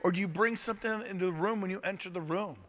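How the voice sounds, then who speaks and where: A middle-aged man giving an energetic, upbeat motivational talk at an event and firing questions at the audience. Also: high-pitched, fast talker. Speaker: motivational speaker. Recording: reverberant hall.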